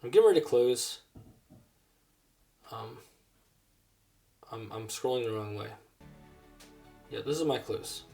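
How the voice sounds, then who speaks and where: A grown man preaching a personal testimony sermon, earnest and halting, with many restarts. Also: mid-range voice, vocal fry, dark tone, faint music behind. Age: adult.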